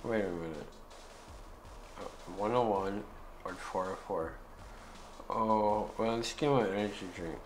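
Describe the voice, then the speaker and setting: A man's voice: on the low side, unhurried, pauses often, slight background noise, poor audio. A man giving casual let's-play commentary, joking and talking back to the characters in the game. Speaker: gaming YouTuber.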